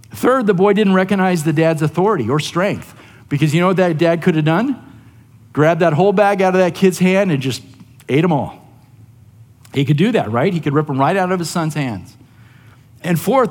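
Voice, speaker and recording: A man's voice: high-pitched, big-room sound. A man preaching a sermon as pastor, in a conversational way that keeps asking the listeners "right?". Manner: conversational, often asks "right?".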